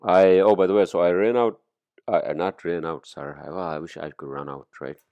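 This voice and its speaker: A man's voice: deep voice, fairly even intonation, brisk, dry recording, muffled recording. A man hosting a podcast, talking in a rambling, profane, casual monologue full of fillers. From immigrant to the US. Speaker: podcast host.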